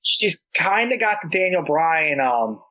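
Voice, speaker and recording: Young guy rambling thru a story, kinda high voice, muffled lo-fi audio. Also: unhurried. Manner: rambling storyteller, animated and laughing. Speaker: podcast guest. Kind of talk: casual chat. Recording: dull lo-fi podcast audio.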